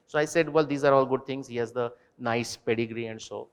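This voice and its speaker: Animated man lecturing in a hall. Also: mid-range voice, brisk, smooth. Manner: animated, digressive, addresses audience directly. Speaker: invited speaker. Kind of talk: lecture Q&A with students.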